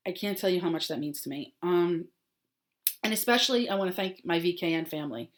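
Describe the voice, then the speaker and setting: A woman's voice: lowish voice, a little fast. A woman hosting her crafting podcast in casual chat, heartfelt and rambling with many ums and restarts, turning bubbly and upbeat for announcements. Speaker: podcast host.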